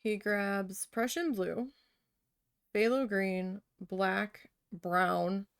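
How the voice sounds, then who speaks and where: A woman crafting vlogger talks casually as she works and tells stories bluntly with frequent swearing. Her mid-pitched voice has plenty of gravelly fry. The sound is dry and close. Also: steady tone, very slow, dry recording. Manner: blunt, heavily profane storytelling. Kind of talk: casual storytelling chat while needle felting.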